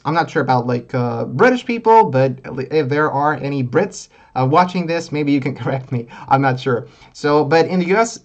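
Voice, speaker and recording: A man teaching English in a live online lesson, explaining phrases in an easygoing way with many fillers. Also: fairly high pitch.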